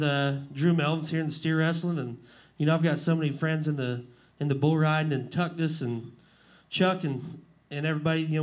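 A man in his forties, a rodeo clown guest on a live talk show, telling rambling stories and laughing often. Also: a little high. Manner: emotional, laughing, rambling storyteller. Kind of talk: casual talk-show storytelling. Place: live show before an audience.

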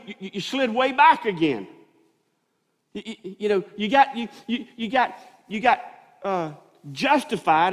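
High-voiced preacher in a reverberant church. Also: male voice. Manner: preaching with many restarts and rising emphasis. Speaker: pastor. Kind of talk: sermon. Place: church sanctuary. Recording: long reverb of a church hall.

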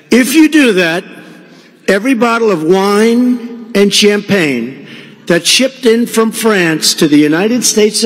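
Man giving a rally speech, higher voice, long echo of a big hall. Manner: rambling storytelling with acted-out quoted dialogue. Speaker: political candidate. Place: large venue.

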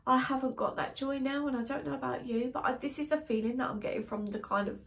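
A British woman vlogging to her viewers, sad and emotional, talking in a hesitant, halting way with many restarts. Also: sits high, fairly even intonation, creaky. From Britain. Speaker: wellbeing vlogger. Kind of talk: casual emotional vlog to camera.

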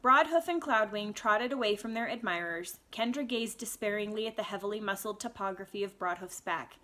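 Brief: woman narrator, mid-pitched, clear and steady fantasy reading, chatty asides. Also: brisk. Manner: clear, even storytelling with occasional asides to listeners. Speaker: audiobook reader. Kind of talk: fantasy novel read aloud.

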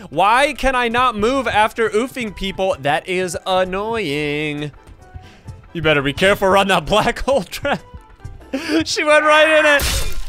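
High, lively young man gaming. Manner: energetic, laughing, trash-talking teammates. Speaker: gaming YouTuber. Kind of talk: excited gameplay commentary.

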